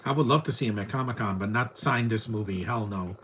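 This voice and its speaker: This man's voice is lowish and a bit bright, and he speaks fairly quickly amid slight background noise. Rambling and chatty, he offers casual live commentary on a movie while mocking what he sees.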